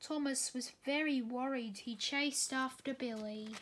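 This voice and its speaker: A woman reading a children's storybook aloud, gently, with small slips and restarts. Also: sits high, a little slow. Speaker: reader.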